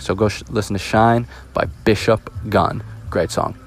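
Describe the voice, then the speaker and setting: A man's voice: fairly low pitch, level tone, normal speed. A young man from the US East Coast, hosting a casual solo podcast, rambling and joking with lots of restarts. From East Coast of the United States. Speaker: podcast host.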